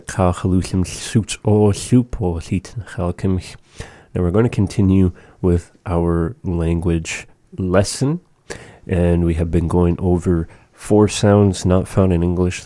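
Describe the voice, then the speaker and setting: Man, radio language teacher, slow careful pronunciation, dry close sound. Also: low voice, flat delivery, warm tone, no room sound.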